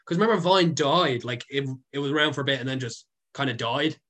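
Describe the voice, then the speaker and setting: A young adult Irish man, a content creator appearing as a guest, chats casually and tells rambling stories packed with fillers and swearing. His voice is mid-range and fairly bright, and he talks fast.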